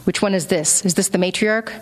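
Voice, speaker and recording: A woman's voice: medium pitch, brisk, long reverb tail, pitched above the performer's own voice, lightly acted. A woman reading the lines of a cold, domineering man who talks down to others. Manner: curt, commanding, contemptuous.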